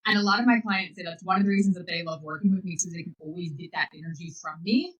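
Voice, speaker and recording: A woman hosting a podcast as a life coach, giving an energetic, enthusiastic motivational talk. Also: on the low side, quick pace, slightly rough, muffled recording. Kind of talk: motivational monologue.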